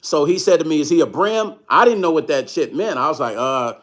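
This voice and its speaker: A middle-aged man from Chicago telling a story on his livestream, animated and laughing often, acting out the other people's lines. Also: a little high, a little fast. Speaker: vlogger and musician.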